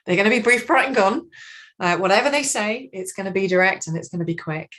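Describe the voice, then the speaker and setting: A woman voicing a sensitive, easily offended office colleague who speaks in a measured, guarded way. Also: mid-range voice, animated, fairly bright tone, lightly acted. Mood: calm.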